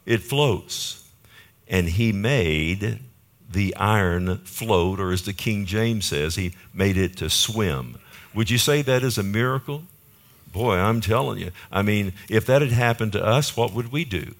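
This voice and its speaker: A male pastor delivers a sermon to his congregation in a relaxed, conversational way. His voice sits on the low side, and he keeps turning to the listeners with rhetorical questions. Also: unhurried. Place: church.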